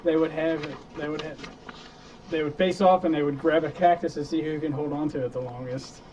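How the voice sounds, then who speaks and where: A man's voice: on the high side, steady tone, brisk, recorded from a distance, noisy background. A man co-hosting a podcast, chatting in a laid-back, profane way. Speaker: podcast co-host. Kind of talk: casual chat.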